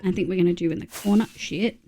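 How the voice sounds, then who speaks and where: A woman's voice: lowish voice, quick pace, warm tone, a little hiss or hum. A young Australian woman streaming live, chatting casually and bluntly with her chat while she plays, greeting viewers and humming as she builds.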